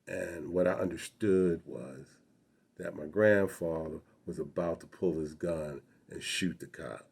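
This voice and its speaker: Brief: man in his 60s, low voice, earnest reflective storyteller. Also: unhurried, vocal fry, darkish tone, husky. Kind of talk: personal storytelling.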